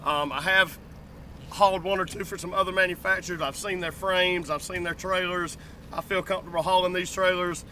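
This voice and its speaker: Southern guy from georgia talking quick and folksy outside, real bright tone, bit of outdoor noise. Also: high-pitched, steady tone. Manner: folksy, talkative, laughs loudly. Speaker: home hauler. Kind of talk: casual chat. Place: outdoors at a tiny home lot.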